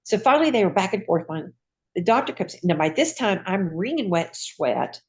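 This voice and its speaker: A woman, a retired nurse, telling her own patient story in a lively, folksy conversational way. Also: medium pitch, fairly quick. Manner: lively, acts out voices in quoted dialogue. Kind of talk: personal storytelling.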